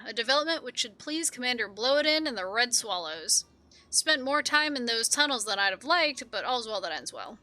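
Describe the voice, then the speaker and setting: A woman voicing a gruff, hearty male mining boss who speaks bluntly. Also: sits high, bright, forceful tone.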